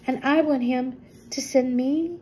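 A woman's voice: high-pitched, steady tone, unhurried, mellow, slight background noise, pitched above the performer's own voice, low-quality recording. An older woman voicing a polite, earnest young farm girl in a storybook reading.

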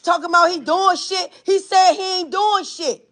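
A woman on a phone livestream in a hotel hallway, loud and profane, repeating the same orders over and over. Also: very high-pitched, steady tone, moderate pace. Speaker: livestreamer intervening in a dispute.

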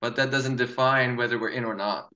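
Bright, forceful-voiced man on a panel. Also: mid-range voice, steady tone, a little fast. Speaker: round table guest. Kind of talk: reflective panel discussion.

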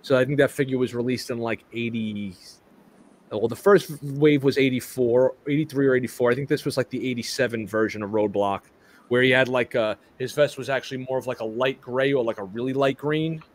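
A man's voice: medium pitch, a little fast. Rambling casual male toy stream host. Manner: rambling, stumbling restarts, swears casually. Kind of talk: casual live chat about toys.

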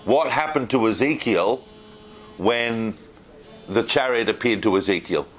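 A man's voice: on the low side, measured pace. A man giving an informal lecture to a class, asking questions of the room and answering them himself. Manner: animated, asks the room questions.

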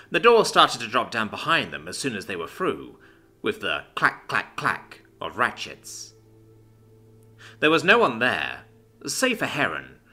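Male storyteller, very animated delivery, soft music bed. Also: medium pitch. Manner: expressive storytelling. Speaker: narrator. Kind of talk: scripted narration.

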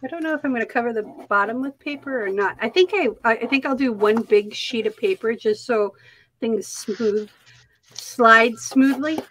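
A woman's voice: fairly high pitch, normal speed, fairly bright tone, slight background noise, poor audio. A woman with a Minnesota accent chatting casually on an art live stream, talking to herself as she works. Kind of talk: casual chat while crafting.

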